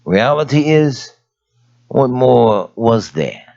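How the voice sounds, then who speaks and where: A man preaching a sermon in a folksy, animated way, dropping to hushed asides and rising to sudden shouts. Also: mid-range voice, slow pace, gravelly. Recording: dull lo-fi recording.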